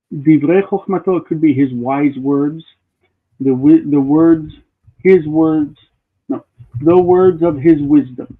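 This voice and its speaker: A man teaching classical Hebrew grammar in a live online class, explaining at length and thinking aloud with restarts. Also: a little high. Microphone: video call. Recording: tinny phone-like call audio.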